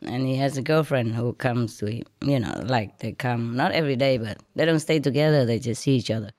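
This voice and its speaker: A woman telling a casual story to listeners in broken English, animated and often laughing as she speaks. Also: extremely low pitch, brisk, no room sound, studio quality. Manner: non-native English with broken grammar. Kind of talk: casual anecdote told to listeners.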